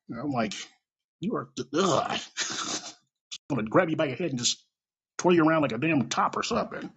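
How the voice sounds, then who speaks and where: A man telling a rambling, animated story late at night over a phone mic, swearing often and acting out the voices of people in it. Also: mid-range voice, moderate pace, breathy edge, highs cut off. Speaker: storyteller on an audio app.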